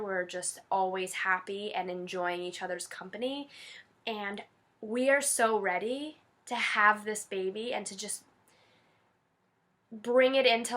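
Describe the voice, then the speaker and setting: A woman's voice: medium pitch, fairly bright tone. A young woman in her twenties chatting casually to camera, gushing and teary, with lots of fillers. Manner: emotional, gushing, many fillers. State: teary-eyed. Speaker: vlogger.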